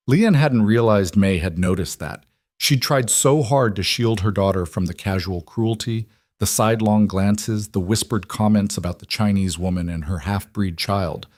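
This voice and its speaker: A man narrates a western tale in a steady, measured storytelling style. His voice sits on the low side, and the studio-quality recording has no echo. It is scripted audiobook narration.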